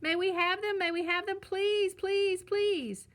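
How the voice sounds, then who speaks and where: A woman's voice: measured pace, heavily acted. A woman voicing whiny, pleading little bear cubs, sister and brother, in a storybook reading. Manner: pleading, excited, high and loud.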